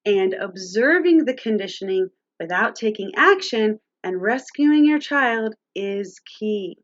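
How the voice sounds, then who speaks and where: A woman's voice: mid-range voice, lively intonation, unhurried, lo-fi sound. A woman presenting a live-streamed teaching talk on parenting, speaking directly to viewers and their chat.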